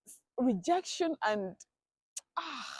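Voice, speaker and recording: A woman's voice: high-pitched, expressive, takes it slowly, slightly rough, no room sound, faint music behind. A woman telling a casual storytime vlog, chatty and dramatic, often talking to herself. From grew up in a village abroad. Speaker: vlogger.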